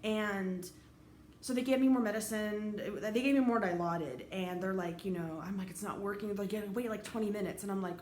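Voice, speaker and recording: A woman's voice: medium pitch, brisk, darkish tone, reverberant. A woman, a teacher, telling a personal story in a casual, rambling way, full of fillers and restarts.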